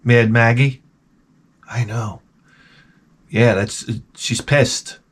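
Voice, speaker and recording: A man's voice: medium pitch, fairly even intonation, extremely slow, slightly rough. Rambling, profane comedic man. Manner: profane, joking, rambling tangents. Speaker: gaming channel host.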